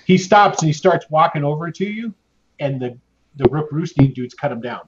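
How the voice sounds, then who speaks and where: Rambling game master, muffled noisy audio. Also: male voice, on the high side, expressive, normal speed. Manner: casual, rambling with fillers and restarts. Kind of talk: narrating a tabletop game. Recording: muffled lo-fi audio with clear background noise.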